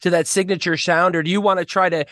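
A man's voice: high voice, steady tone, fast talker, fairly bright tone, no echo, clean studio sound. A man hosting a podcast interview, asking long questions and thinking aloud as he goes. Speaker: podcast host.

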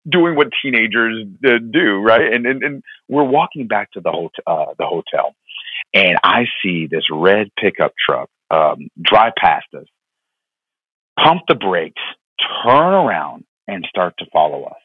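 A man in his thirties from Florida, a pastor speaking as a podcast guest, tells a personal story in an earnest, heartfelt way. His voice is fairly low and husky. He comes through a dry, tinny line that sounds like a phone call. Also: animated, unhurried, no room sound. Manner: earnest, heartfelt, with many fillers and repeated words.

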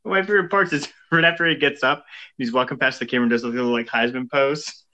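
A man's voice: mid-range voice, fast talker, bright, forceful tone, rough recording. A man casually chatting about a movie, laughing often and eagerly quoting lines. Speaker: podcast co-host.

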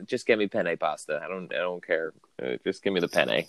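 Deep-voiced man, dry deadpan podcast chat. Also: fairly quick, no echo. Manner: dry, deadpan complaining with playful put-on bits. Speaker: podcast co-host. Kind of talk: casual chat. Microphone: remote call.

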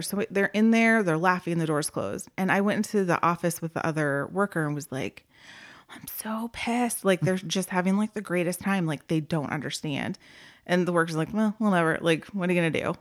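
Woman, lowish voice, conversational podcast storyteller, slows and softens on the hard parts. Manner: emotional storytelling, soft and slow at heavy moments. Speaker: former group home worker.

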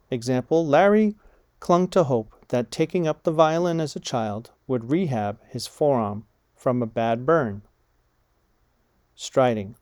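Man reading vocabulary aloud, slow deliberate dictation, mellow low-key tone, dry close sound. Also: no echo. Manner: measured, deliberate, reads words and punctuation aloud. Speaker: vocabulary reader.

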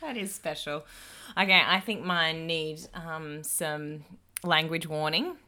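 A woman, co-hosting a podcast as an animated storyteller who laughs a lot. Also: sits low, slow pace. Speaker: podcast co-host. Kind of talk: casual podcast chat.

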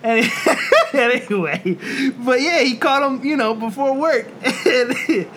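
A man's voice: extremely high pitch, animated, slow, fairly bright tone. A man co-hosting a podcast in casual chat, telling crude, rambling stories and laughing often. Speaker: podcast co-host. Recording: noisy room ambience.

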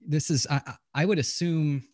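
A man's voice: a little high, normal speed, darkish tone, no echo, clean studio sound. A middle-aged man telling candid, profane stories in a casual interview, often restarting his sentences. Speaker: podcast guest, retired pilot.

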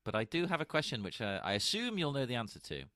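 Animated man with swooping pitch. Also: quick pace, no echo, clean studio sound. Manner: animated, laughs, drops into flat asides. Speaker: podcast co-host. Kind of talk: casual film chat.

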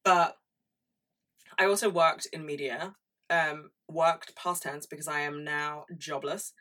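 Woman, 20s, podcast host, casual chatty talk, low-pitched, bright tone, a little off-mic. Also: fairly even intonation, slow pace, recorded from a distance. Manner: chatty, swears freely, laughs often. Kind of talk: casual solo podcast chat.

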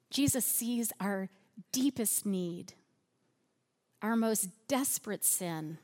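A woman preaching a sermon in a church, slow and earnest, softening her voice on repeated phrases. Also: medium pitch.

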